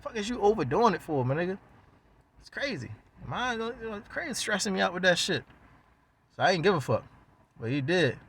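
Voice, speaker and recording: Animated Baltimore man telling a story. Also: on the high side, husky. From West Baltimore. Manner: animated, profane, slangy, acts out other people's lines. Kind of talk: casual storytelling.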